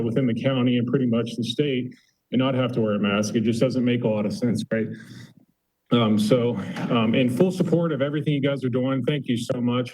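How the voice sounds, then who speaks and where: A man's voice: medium pitch, a little mellow, poor audio. A man giving an off-the-cuff, chatty public comment at a county board meeting, a little out of breath. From Colorado. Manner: casual, chatty, filler-heavy.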